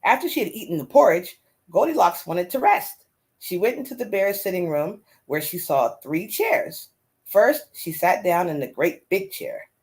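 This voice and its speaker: A woman reading a children's story aloud in an expressive, animated way. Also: fairly low pitch, moderate pace. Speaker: storyteller host.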